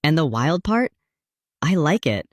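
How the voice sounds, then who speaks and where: A man's voice: fairly high pitch, sing-song, unhurried, no echo, studio quality. A man delivering a playful, dramatic confessional monologue to camera, oversharing in a flirty, joking way. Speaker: content creator.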